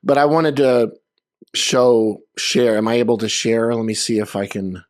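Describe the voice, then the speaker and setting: This memorial speaker tells stories over a video call in a relaxed, rambling way, leaning on lots of fillers. He has a mid-range voice and a measured pace. There's no echo, just clean studio sound.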